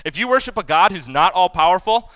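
A man in his thirties preaching a sermon as pastor, animated and self-deprecating, loudly acting out the voices he quotes. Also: high-pitched, brisk, no echo.

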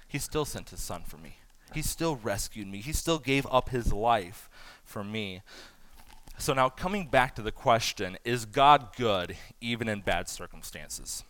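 A man in his thirties preaching a sermon to first responders, animated and acting out imagined voices. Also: a little high, moderate pace, clean tone, dry recording. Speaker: pastor.

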